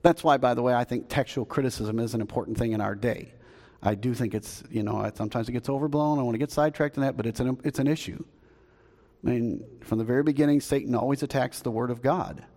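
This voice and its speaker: A man's voice: mid-range voice, fast talker, a little mellow. A man with a Southern US accent preaching a sermon as pastor, in a folksy, conversational way that asks the congregation questions. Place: church sanctuary. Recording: long hall reverb.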